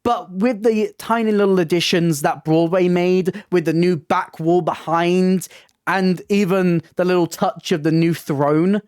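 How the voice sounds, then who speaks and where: A woman hosting a casual review vlog as a theatre reviewer, gushing and excitable, often tripping over her words. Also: fairly low pitch, unhurried, clean tone, no echo, studio quality. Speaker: theatre reviewer and channel host.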